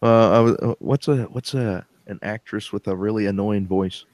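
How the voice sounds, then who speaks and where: A man co-hosting a casual podcast, telling edgy jokes in a deadpan way. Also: fairly low pitch, normal speed, no echo. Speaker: podcast co-host. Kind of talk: casual crude banter.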